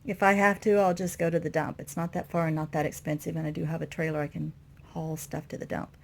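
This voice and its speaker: This woman talks fast in a low, gravelly voice with little pitch movement, and there's a faint hiss or hum in the audio. She's an RV-renovating vlogger walking viewers through her old motorhome in a loose, rambling way, sounding stressed and overwhelmed.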